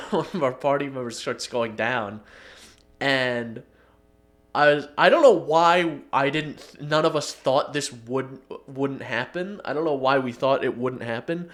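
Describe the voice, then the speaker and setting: A man co-hosting a casual podcast, his pitch sitting in the middle range. He rambles through stories, laughs often, and slips into little acted-out quotes. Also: unhurried, a bit bright. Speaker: podcast co-host.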